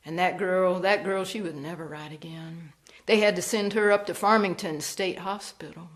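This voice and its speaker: A woman storyteller performing a ghost story, slow and hushed, dropping to whispers. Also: lowish voice, steady tone.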